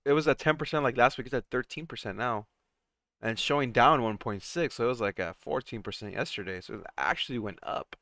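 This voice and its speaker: A man hosts a casual stock-market livestream, chatting with co-hosts and reading out viewer comments and trending topics. His medium-pitched voice is sharp and a little fast, in studio-quality audio with no echo.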